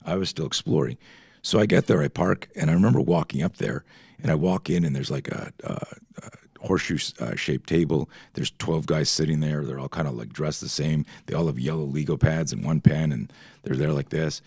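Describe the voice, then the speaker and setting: Super deep gravelly guy in his 50s, swears a lot, rambles off on tangents, dry studio sound. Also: a little fast, a little mellow, no room sound. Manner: profane, rambling, full of tangents. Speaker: podcast guest, self-defense instructor. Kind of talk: casual storytelling chat.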